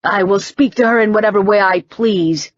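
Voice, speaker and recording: A woman voicing a gruff, hot-tempered older father, blunt and curt. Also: mid-range voice, moderate pace, no room sound, lo-fi sound, natural voice.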